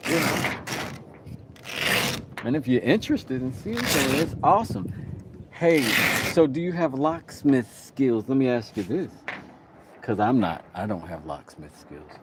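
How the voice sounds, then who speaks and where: A man's voice: medium pitch, sing-song, measured pace, pauses often, background noise. A man, chatting casually with viewers during a live stream while tinkering in his workshop. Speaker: livestream host. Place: home workshop.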